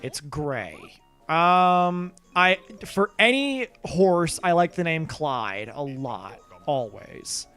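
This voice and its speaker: A man's voice: a little high, sing-song, extremely slow, fairly bright tone, clean tone. A man streaming a video game live, chatting casually with viewers in a rambling, self-deprecating way and swearing now and then. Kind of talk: casual live gameplay commentary. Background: faint game music.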